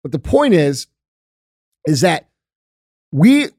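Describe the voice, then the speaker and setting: A man's voice: a little high, very animated, slow, mellow, no room sound, studio quality. A man in his forties hosting a podcast, ranting with heavy swearing and emphatic repetition. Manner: profane, emphatic, repeats himself. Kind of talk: heated opinionated rant.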